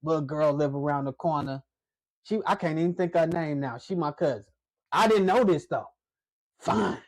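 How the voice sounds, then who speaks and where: Casting note: man, podcast co-host, lively storyteller, higher voice, dry close sound. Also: moderate pace, dry recording. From Chicago. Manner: animated storyteller, acts out quotes. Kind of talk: casual chat.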